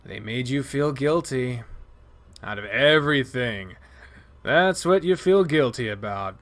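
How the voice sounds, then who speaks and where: A sharp-tongued young she-wolf, clipped and condescending, pitched well above the performer's own voice, as a man puts her on. She sounds cutting and impatient in a visual novel read-through. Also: lively intonation, a little slow.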